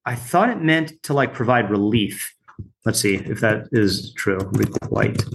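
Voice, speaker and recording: A man's voice: lowish voice, lively intonation, unhurried, noisy background. A man teaching a weekly Bible study class, reading translations aloud and stopping often with fillers and side remarks. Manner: reads translations, stops often with fillers and asides.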